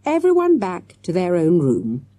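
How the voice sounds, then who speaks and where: A woman voicing a brisk, weary male schoolteacher, firm with the children. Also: lowish voice, wildly swooping pitch, warm tone, dry recording, heavily acted. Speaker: teacher on a school trip.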